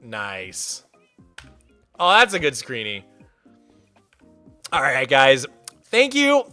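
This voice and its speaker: A young man chatting casually while hosting a game stream, excitable and playful, greeting viewers by name. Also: mid-range voice, very slow, faint music behind. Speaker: livestreamer and server host.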